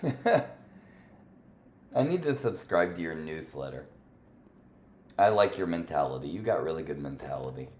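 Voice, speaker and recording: A man hosting a casual gaming livestream, playfully teasing and bantering with other players, drifting between sing-song chatter and soft murmuring. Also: rumbling low, big pitch swings, a little slow, long pauses. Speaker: livestream host. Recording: roomy echo with faint background noise.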